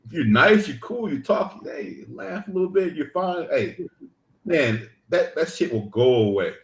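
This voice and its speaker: A man's voice: fairly high pitch, a little slow, echoey room. A young man co-hosting a podcast, telling stories with lots of laughter and casual profanity. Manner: laughing, animated storytelling, profanity. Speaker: podcast co-host. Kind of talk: casual chat.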